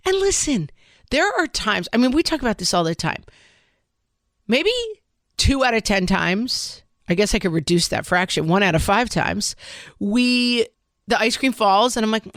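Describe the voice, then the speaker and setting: A woman's voice: mid-range voice, animated, measured pace, fairly bright tone, dry recording, studio quality. A middle-aged woman co-hosting a parenting podcast, talking candidly and a little self-deprecatingly, thinking aloud with lots of "like.". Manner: candid, self-deprecating, talks through thoughts with many "like"s. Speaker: podcast co-host. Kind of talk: casual parenting chat.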